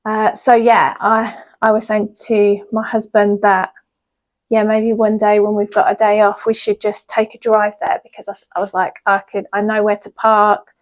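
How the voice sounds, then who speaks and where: A woman's voice: medium pitch, monotone, normal speed, rough recording. A woman, a yoga teacher chatting casually in a home vlog, rambling with lots of ums. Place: at home in her yoga room.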